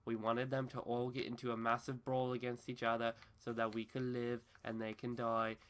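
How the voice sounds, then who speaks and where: A man voicing a male wilderness survival show host in a put-on Australian accent, with a stiff, formal, deadpan delivery in a comedy skit. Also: mid-range voice, moderate pace, lightly acted. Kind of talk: comedy skit narration over gameplay.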